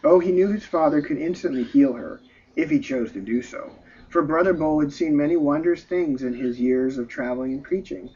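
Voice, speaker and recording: Man, story narration, emotive delivery, husky tone, muffled lo-fi sound. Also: on the high side, normal speed, a little mellow. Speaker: story reader. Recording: dull lo-fi recording.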